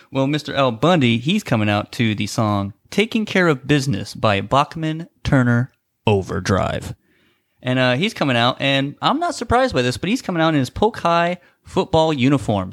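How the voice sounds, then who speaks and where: A man's voice: medium pitch, moderate pace. Guy doing goofy play-by-play banter, voice jumps all over, laughs a lot. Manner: jokey, animated, laughs often. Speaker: co-host.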